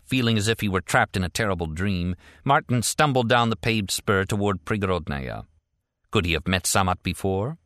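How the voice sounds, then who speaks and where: A man narrating a thriller audiobook in a measured, even way. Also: on the low side, no echo, clean studio sound. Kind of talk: scripted narration.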